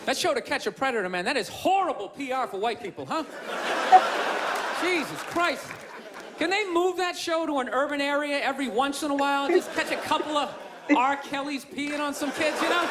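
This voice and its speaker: A man's voice: very high-pitched, moderate pace. A man doing a stand-up set on a theater stage, ranting and cursing in a self-deprecating way into a handheld mic. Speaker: stand-up comedian. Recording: live show with loud crowd noise. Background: roaring audience laughter.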